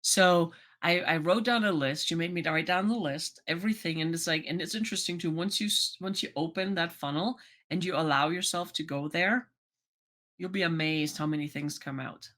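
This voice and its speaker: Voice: medium pitch, moderate pace. A life coach talking casually to a vlog audience, chatty and full of "you know" and "right?", acting out remembered conversations. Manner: acts out remembered conversations in lively voices. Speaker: life coach and channel host.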